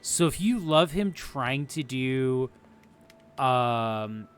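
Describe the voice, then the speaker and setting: A man's voice: mid-range voice, animated, extremely slow. A young man rambling through casual live game commentary, swearing often and laughing easily. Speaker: streamer.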